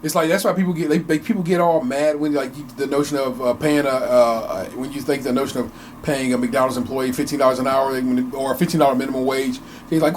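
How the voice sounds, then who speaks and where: A man's voice: mid-range voice, steady tone, fast, slight background noise. A man co-hosting a casual podcast, ranting with heavy swearing and many restarts in a home basement studio. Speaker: podcast co-host. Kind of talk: casual chat.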